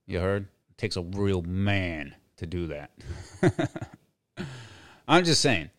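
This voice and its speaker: A man's voice: low-pitched, sing-song, slow pace, dry recording. A middle-aged man hosting a podcast, delivering a crude comedic rant full of swearing, repeated phrases and chuckles. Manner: profane, repetitive, chuckling. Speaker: podcast host.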